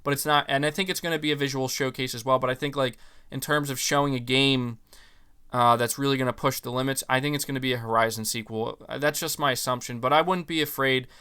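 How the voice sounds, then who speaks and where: Bright, clear-voiced opinionated man. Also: medium pitch, fast talker. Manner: animated, opinionated, many fillers and restarts. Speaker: podcast host. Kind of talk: casual podcast chat reading viewer comments.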